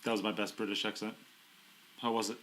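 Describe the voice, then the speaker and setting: A man's voice: fairly low pitch, flat delivery, fairly quick, a bit bright, a little hiss or hum. A man co-commentating on a pool match, playful and full of banter. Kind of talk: live sports commentary.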